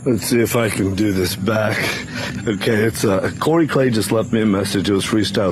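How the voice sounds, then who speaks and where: A man filming a hype-filled vlog as a fitness influencer, pumped up and jumping around in pitch. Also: normal speed, music in the background. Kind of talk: hype self-filmed vlog.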